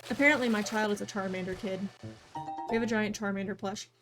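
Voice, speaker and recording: A woman's voice: mid-range voice, fairly even intonation, fast talker, music in the background. A young adult woman from the United States chatting playfully while streaming a game and reading its lines aloud. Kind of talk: casual gameplay chat.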